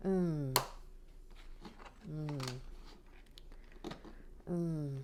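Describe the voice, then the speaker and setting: A woman with a lowish voice gives soft-spoken building commentary and drifts between quiet talk and whispers. She speaks very slowly and unhurriedly, with playful little asides. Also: background noise. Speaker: Lego build channel host.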